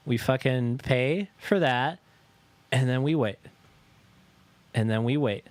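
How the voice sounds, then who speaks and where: A podcast co-host with a medium-pitched voice speaks at a moderate pace with long pauses; the tone is clean and the recording dry. Telling stories in casual chat, he swears often and acts out the voices of the people he quotes, animated and profane.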